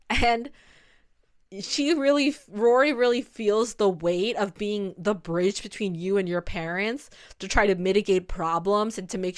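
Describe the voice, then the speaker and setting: A woman's voice: medium pitch, clean tone. A young woman in casual commentary, chatting loosely with many "like" fillers and restarts. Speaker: video essay host.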